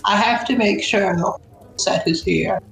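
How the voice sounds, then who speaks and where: Man doing a shrill, fussy very old shopkeeper woman. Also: unhurried, creaky, over music.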